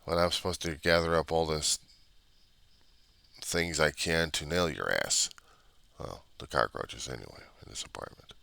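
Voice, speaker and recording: A man with an extremely low, gravelly voice that still comes across bright and forceful. He rants in an agitated, repetitive way, piling up rhetorical questions. The recording is dry and close, with no room sound. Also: normal speed, long pauses, dry recording. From United States. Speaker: vlogger. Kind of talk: ranting monologue. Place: apartment.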